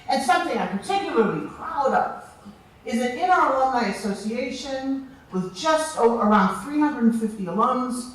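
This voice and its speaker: Woman speaker telling a story on stage, expressive, with long pauses; heard from a distance in a big echoing hall. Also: sits high. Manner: expressive, slow and deliberate with dramatic pauses. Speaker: keynote speaker. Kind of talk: storytelling speech to an audience. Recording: very echoey hall, distant mic.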